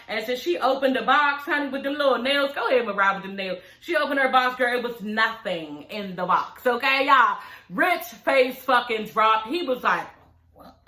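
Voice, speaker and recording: Woman recapping a show, casual and profane, bright sharp voice, fairly high, echoey room. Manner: animated, profane, addresses viewers as y'all.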